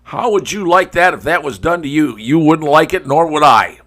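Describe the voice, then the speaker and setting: A man's voice: on the high side, animated, normal speed, a bit bright. A male talk show host giving a folksy, conversational opinion monologue, speaking straight to his viewers.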